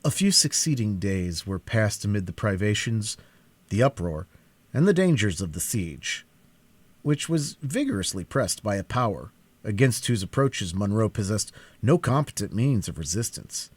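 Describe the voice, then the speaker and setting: A man reading a classic novel aloud in a live cold-read, with a dramatic, expressive delivery. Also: fairly low pitch, normal speed, slightly rough, dry recording. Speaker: audiobook reader.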